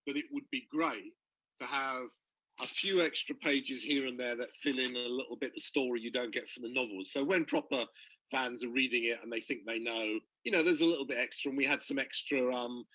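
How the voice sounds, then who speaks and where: Bright-voiced man chatting and laughing. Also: mid-range voice, a little fast, no echo, poor audio. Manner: chatty, laughs easily, mimics other voices. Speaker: co-writer of graphic novels and guides. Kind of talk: casual chat between friends. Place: recorded video conversation.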